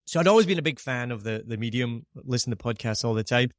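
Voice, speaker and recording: A man's voice: mid-range voice, expressive, fast talker, no room sound, clean studio sound. A man with a Scottish accent, a podcast host, chatting casually and telling anecdotes with frequent laughter. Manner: chatty storyteller, laughs often.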